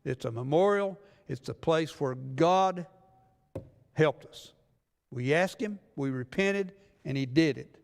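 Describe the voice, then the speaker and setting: A man's voice: on the high side, slow pace, creaky. A man preaching a sermon, reading scripture and retelling the story in a folksy way, acting out the people in it. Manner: folksy storytelling, acts out biblical voices. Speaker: pastor. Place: church sanctuary. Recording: long church reverb.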